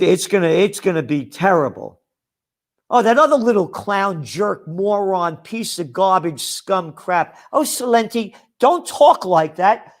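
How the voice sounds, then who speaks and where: Sarcastic ranting man. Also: sits high. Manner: combative, sarcastic, mocking asides. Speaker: trends forecaster and publisher. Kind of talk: ranting promo monologue.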